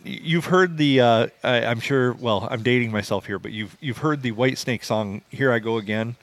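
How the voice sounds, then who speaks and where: A man's voice: medium pitch, moderate pace. A man co-hosting a podcast, telling rambling stories in a wry, casual way. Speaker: podcast co-host.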